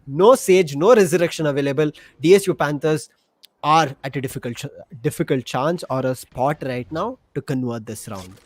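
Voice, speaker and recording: A man's voice: fairly high pitch, normal speed. A man giving color commentary on an esports match, breaking down players' form and the teams' economy. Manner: analytical, explains the teams' plays. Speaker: esports co-caster.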